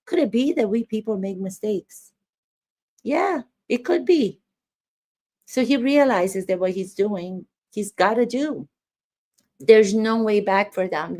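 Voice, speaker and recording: A woman acting coach breaking down trial footage in an emphatic commentary. She drives her points home with pointed rhetorical questions, speaking at a mid-range pitch. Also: mellow.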